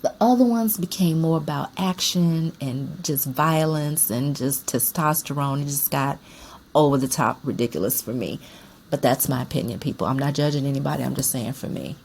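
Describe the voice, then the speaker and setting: Low-pitched woman rambling about her fave movies, emphatic, a bit of faint room noise. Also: moderate pace, a little mellow. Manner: chatty, emphatic, repeats herself for effect. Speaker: movie collector vlogger. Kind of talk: casual chat about films.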